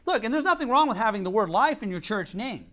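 A man's voice: sits high, fast, very noisy. A man preaching a sermon as pastor, telling stories animatedly and reading scripture aloud. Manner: animated storytelling, acts out quotes, reads scripture.

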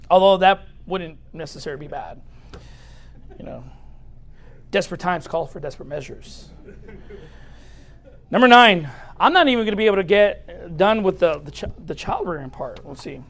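A man preaching a humorous sermon as a pastor in a church, speaking straight to the audience in a lively, joking way. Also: sits high, normal speed, gravelly, long pauses.

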